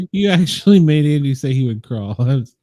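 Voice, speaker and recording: A man's voice: on the high side, animated, normal speed, warm tone, no echo. A man hosting a casual podcast chat, teasing the others and laughing often. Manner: giggly teasing, laughs a lot.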